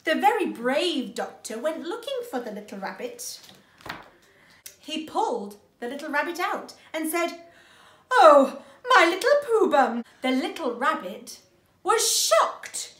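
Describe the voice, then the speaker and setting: A young woman reading a picture book aloud to children at home, playful and expressive, voicing the characters. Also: sits high, a little slow. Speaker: children's story reader. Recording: roomy echo.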